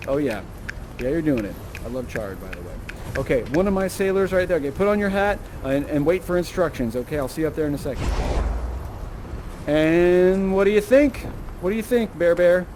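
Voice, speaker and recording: A man with a high, bright voice leads an audience through an interactive theatre show in virtual reality. He is chatty and animated, tagging his sentences with quick okays and rights. He speaks into a headset mic. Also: noisy background. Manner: chatty, animated, tags lines with okay and right.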